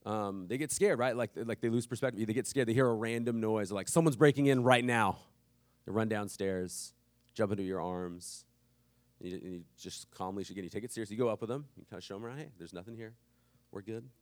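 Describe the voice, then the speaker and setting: A man's voice: fairly low pitch, quick pace, darkish tone, no echo. A man in his thirties preaching a sermon, telling a family story casually and with humor. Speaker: pastor.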